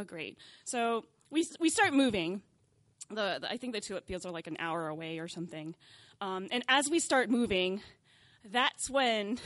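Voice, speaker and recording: A young woman tells a funny personal story with animated, self-mocking delivery. Her voice sits fairly high and she acts out moments as she goes. The sound is close and dry. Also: dry recording. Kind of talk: comic live personal story.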